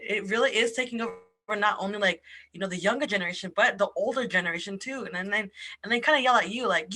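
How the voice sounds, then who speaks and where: A podcast co-host in a loose, slangy chat. The voice is bright and sharp, with a mid-range pitch. The delivery stays easygoing and casual. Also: fast talker. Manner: casual, slangy, laid-back.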